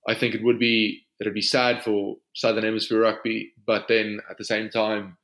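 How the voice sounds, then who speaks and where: A South African rugby player, an Afrikaans speaker, answering questions in a casual podcast interview in an easygoing way. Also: male voice, lowish voice, normal speed. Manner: relaxed, easygoing answers with frequent "you know".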